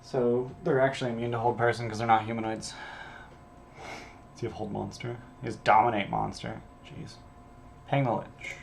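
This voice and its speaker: A man's voice: medium pitch, level tone, moderate pace, vocal fry, pauses often, a little hiss or hum. A man running a casual solo prep stream as a game master, thinking aloud and reading adventure text in an offhand way, with some casual swearing.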